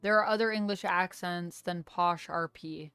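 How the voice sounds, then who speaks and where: Young woman streamer reacting to chat, lowish smooth voice, jumps way up when surprised, dry sound, bit of lo-fi music underneath. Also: moderate pace, dry recording. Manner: animated, voice leaps up on surprised questions. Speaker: live streamer, host. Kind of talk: casual live-stream chat, answering chat. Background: faint lo-fi music.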